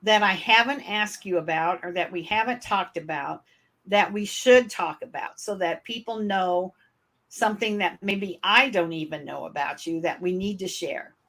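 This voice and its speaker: Hosting a podcast interview, a Michigan woman with a northern US accent keeps things casual, friendly, and chatty, using fillers. Her voice sits on the low side, slightly bright, at normal speed.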